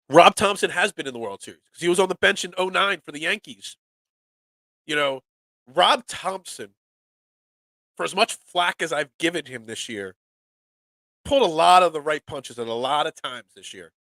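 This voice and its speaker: A man with a cold and a stuffy, nasal voice hosting a casual sports talk show, talking excitedly and often repeating words. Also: fairly high pitch, no echo. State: congested from a cold. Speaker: sports podcast host.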